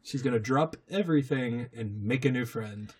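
A man's voice: mid-range voice, moderate pace, darkish tone, breathy edge. A man co-hosting a podcast, adding dry, wry comments while recapping a cartoon episode. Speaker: podcast co-host.

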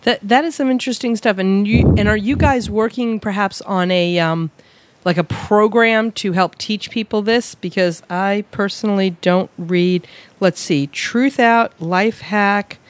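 A woman's voice: medium pitch, measured pace, a little hiss or hum. A woman hosting an interview, chatty and joking, rambling through her questions. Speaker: interview host. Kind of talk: casual interview chat.

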